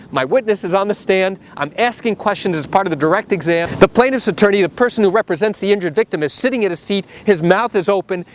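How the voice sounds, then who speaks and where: Middle aged lawyer guy telling a story, animated and emphatic, bit of background noise. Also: high-pitched. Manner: animated and emphatic, acts out the quotes. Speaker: trial attorney. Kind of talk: storytelling to camera.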